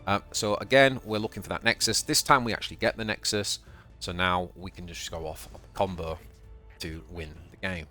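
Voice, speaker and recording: Man, Yorkshire accent, low voice, casual gameplay commentary, thinks aloud, repeats himself, faint music underneath. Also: steady tone, brisk, sharp tone. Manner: chatty, thinking aloud, stumbles and repeats words. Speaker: channel host and card game player.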